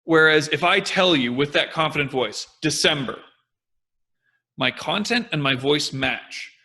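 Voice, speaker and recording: A young man co-hosts a casual discussion, his voice bright and forward with a noticeable gravelly fry. He explains ideas energetically and slips into little acted voices to make his points. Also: a little high, normal speed. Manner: animated, acts out confident and hesitant voices. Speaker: podcast co-host.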